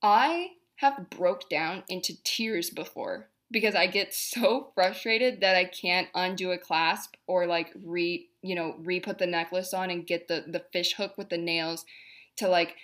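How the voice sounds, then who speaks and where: A woman's voice: fairly low pitch, unhurried, fairly bright tone. A young woman hosting a podcast, talking in a chatty, rambling, exasperated way about everyday annoyances. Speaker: podcast host. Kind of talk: casual monologue.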